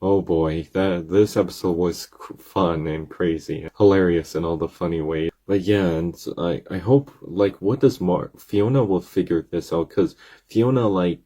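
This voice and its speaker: A man giving a casual, rambling episode recap, retelling excitedly with many restarts. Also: deep voice, unhurried. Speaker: video recap creator.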